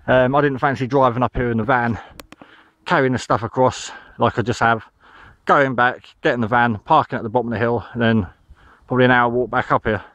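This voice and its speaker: British man, casual outdoor vlog, a bit winded, dry close sound, mid pitch, rambling delivery. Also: steady tone, fairly quick, a bit bright, dry recording, lo-fi sound. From United Kingdom. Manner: rambling, with many ums. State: slightly out of breath. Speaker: vlogger. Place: outdoors in a field.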